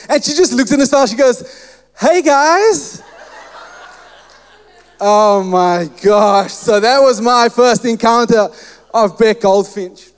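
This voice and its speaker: A man preaching a sermon, telling a personal story and acting out the dialogue in lively fashion. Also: extremely high pitch, clear, resonant tone, in a large hall. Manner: animated storyteller who acts out quoted dialogue.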